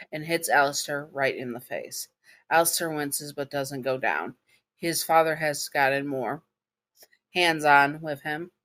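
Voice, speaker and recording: Brief: woman with a Southern accent narrating fan fiction in second person, halting, casual. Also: low-pitched, fairly bright tone. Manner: halting, with restarts and fillers. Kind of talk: second-person story reading.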